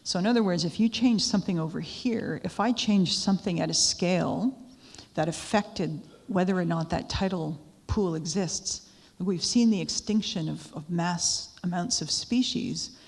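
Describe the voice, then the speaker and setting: A woman's voice: fairly low pitch, moderate pace, a little mellow. A woman giving a talk to a live audience, telling stories in a conversational way with asides to the listeners. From Canada. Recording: echoey hall with long reverb.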